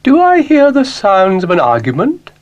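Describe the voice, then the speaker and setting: Man playing genteel motherly cow, high falsetto-ish, gushing and refined. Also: wildly swooping pitch, normal speed, dull audio.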